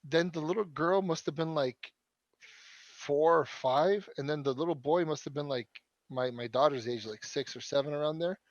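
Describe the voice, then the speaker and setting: A man's voice: fairly high pitch, normal speed, dry recording, highs cut off. A young man rambling through a profane story in casual podcast chat. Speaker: podcast co-host.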